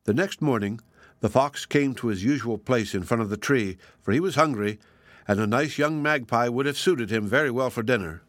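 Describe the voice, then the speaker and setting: A man narrating a fairy tale in a measured, plain storytelling voice. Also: medium pitch, no echo.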